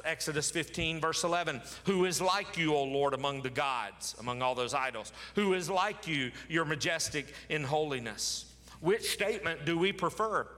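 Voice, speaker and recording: A pastor preaching an emphatic sermon, repeating key words for stress. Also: male voice, on the high side, pushed and bright, long reverb tail.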